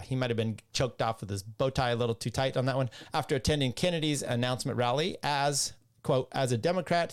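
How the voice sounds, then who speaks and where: Male podcast host, mid pitch, rambling and exasperated, reads articles aloud with asides. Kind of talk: casual political commentary.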